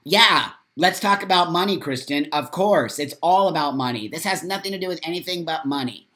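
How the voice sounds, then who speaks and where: A man's voice: fairly high pitch, expressive, a little fast, few pauses, sharp tone. An American man hosting a live morning vlog, reading viewer comments aloud and ranting angrily with lots of swearing and repeated phrases. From United States. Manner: angry, profane ranting.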